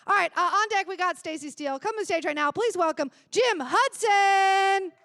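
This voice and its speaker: A woman emcees a live comedy show from the stage, bantering and laughing between lines. Her voice sits high with a gravelly fry running through it. The handheld mic sounds dry and close, with little room around it. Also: moderate pace, bright, forceful tone, no room sound. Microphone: handheld stage microphone.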